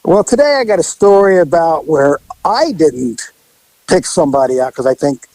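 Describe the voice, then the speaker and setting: A man's voice: fairly high pitch, big pitch swings, moderate pace, darkish tone, no room sound, low-quality recording. Laid-back wry male storyteller. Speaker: co-host telling a story. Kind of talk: casual podcast storytelling.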